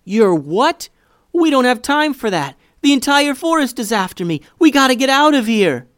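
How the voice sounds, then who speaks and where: A man voicing an excitable young boy who turns dramatic and panicky, in a storytelling podcast. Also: normal speed, no room sound, clean studio sound, exaggerated voice. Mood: panicked. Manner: high, shouty and panicky.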